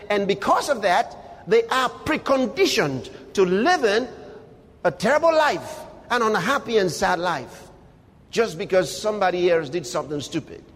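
Male preacher, husky high voice, long hall echo. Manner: emphatic, preaching with sharp swings in pitch and loudness. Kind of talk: sermon.

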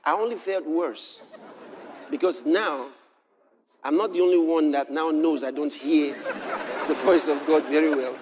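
A man preaching a sermon, moving from quiet storytelling to shouted exclamations. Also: a little high, measured pace, long pauses, some chatter behind, slight background noise.

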